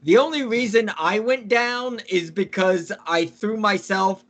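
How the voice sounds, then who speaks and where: A man's voice: sits high, unhurried, a bit bright. A man playing in a tabletop game, defensive and casually swearing. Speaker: player.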